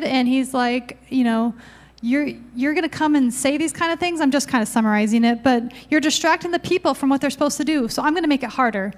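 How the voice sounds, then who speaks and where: A woman with a high, light voice leads a casual Bible study. She talks in a chatty, informal way and reads scripture passages aloud from her notes.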